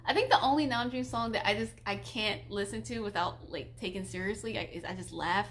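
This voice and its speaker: A woman's voice: medium pitch, fairly quick, fairly bright tone, slight background noise. A woman in her twenties streaming casually, chatty and giggly, gushing like a fan while reading viewer questions. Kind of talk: casual live-stream chat.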